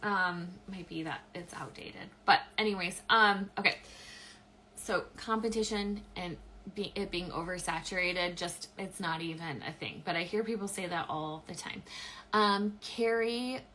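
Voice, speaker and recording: Bright, chatty woman live-streaming. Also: fairly low pitch, measured pace, slight background noise, low-quality recording. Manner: chatty, many "um"s and restarts, frequent laughs. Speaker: live-stream host, affiliate marketer. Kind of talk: casual live-stream chat, answering viewer questions.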